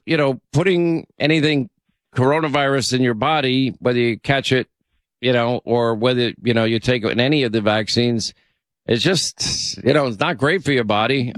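A man's voice: mid-range voice, no echo. A man hosting a talk radio show, chatty and opinionated, bantering with his co-host and taking calls.

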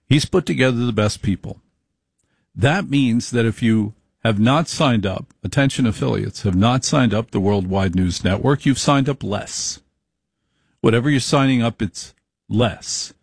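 A man's voice: mid-range voice, moderate pace, vocal fry, darkish tone, breathy edge, dry recording. A man, a radio executive, delivering an emphatic, repetitive, salesman-like speech to station affiliates.

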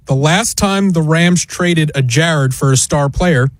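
A man's voice: a little high, measured pace, no echo. A man with a New York accent on a sports talk show, telling jokey stories and stats. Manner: storytelling, jokey.

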